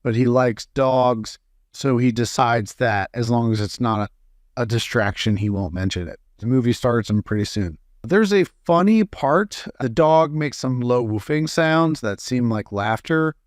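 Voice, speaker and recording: A man's voice: mid-range voice, moderate pace, clear, resonant tone, no room sound, clean studio sound. A man reading a string of jokes aloud in a casual storytelling way, with small slips and fillers. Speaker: joke reader.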